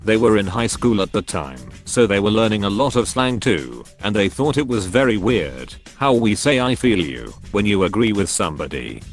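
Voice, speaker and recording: Low-voiced man reading online stories. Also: big pitch swings, moderate pace, hardly any pauses, soft background music. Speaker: narrator. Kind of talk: scripted narration of online stories.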